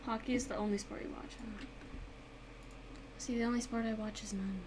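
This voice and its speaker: With a slightly high voice, fairly even intonation, and normal speed, a young woman streams herself drawing and talks casually. She's an art and gaming YouTuber who reads chat aloud and tells stories with abrupt dramatic outbursts; faint background noise is audible.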